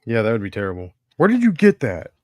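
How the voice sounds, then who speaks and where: Low-voiced laid-back man, dry sound. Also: wildly swooping pitch, darkish tone, no echo. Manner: laid-back, sighing, complains with drawn-out restarts. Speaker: co-host of a toy customizing livestream. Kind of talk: casual chat while working on a figure.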